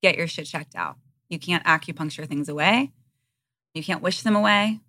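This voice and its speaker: A woman's voice: fairly low pitch, normal speed, bright, forceful tone, no room sound, studio quality. A woman in her thirties, a podcast guest, speaking frankly and earnestly in a candid interview.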